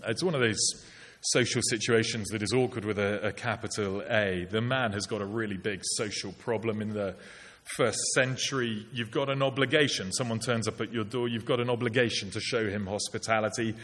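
A man's voice: fairly low pitch, fairly even intonation, brisk, fairly bright tone. A middle-aged man preaching a sermon in a conversational way with wry asides. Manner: conversational, wry asides with put-on polite voices. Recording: long hall reverb.

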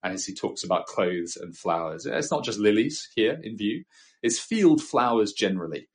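A man with a fairly low voice delivers a sermon, reflective and measured. He slips in homely, gently humorous asides between scripture readings. It sounds recorded at a desk at home. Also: very animated. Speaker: preacher.

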